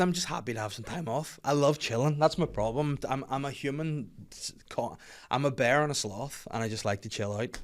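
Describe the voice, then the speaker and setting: Northern irish guy doing a solo podcast, swears a lot, gets loud and squeaky when he rants. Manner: swearing, animated rants that swing loud and high. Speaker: podcast host and comedian. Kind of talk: casual solo podcast chat.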